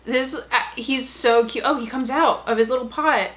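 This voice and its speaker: A woman hosting a casual unboxing vlog, gushing and excitable, often gasping and squealing with delight. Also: fairly high pitch, a little slow, hardly any pauses. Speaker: YouTube unboxing host.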